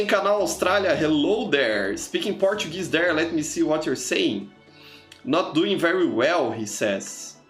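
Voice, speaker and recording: Streaming a game from an echoey room with faint music playing, a Brazilian streamer and teacher talks casually with his audience. He has a medium-pitched, fairly bright voice, says hello to viewers, and fills pauses with "you know."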